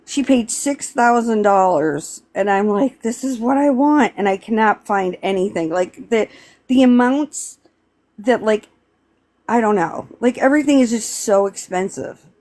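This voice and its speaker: A woman's voice: a little high, expressive, a little mellow. Rambling tearful woman talking live. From Pennsylvania. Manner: rambling, halting, tearful, many restarts. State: close to tears. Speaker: live stream host. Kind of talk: emotional casual chat.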